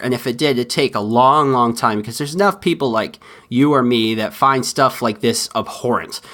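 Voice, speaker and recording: A man's voice: medium pitch, a bit bright. Male podcast host, mid-range voice, impassioned opinion talk with subdued turns. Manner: impassioned, swings from heated to subdued. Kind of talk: solo opinion commentary.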